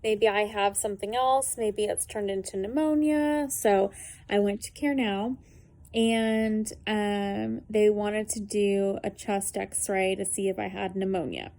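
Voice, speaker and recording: Mellow-voiced woman telling her own story. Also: mid-range voice, steady tone, a little slow. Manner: conversational, many fillers, earnest. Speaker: vlogger sharing a personal story. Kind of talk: casual spoken testimony to camera.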